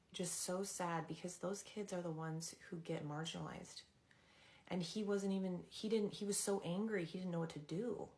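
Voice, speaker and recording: Low, gravelly-voiced young woman. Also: darkish tone. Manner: rambling, halting, with many fillers, greeting viewers by name. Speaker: livestreamer and former teaching assistant. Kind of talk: casual storytelling to a live chat.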